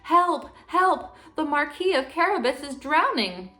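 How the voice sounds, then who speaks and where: A woman voicing a cunning talking cat who flatters royalty in a courtly, scheming way, for a children's storybook reading. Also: on the low side, moderate pace, faint music behind, lightly acted. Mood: frantic.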